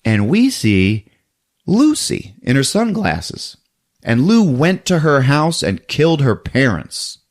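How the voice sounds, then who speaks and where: A man's voice: mid-range voice, slow. A man hosting a podcast, casually recapping a film and acting out characters with frequent laughs. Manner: animated storytelling that acts out characters, laughing often. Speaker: podcast host.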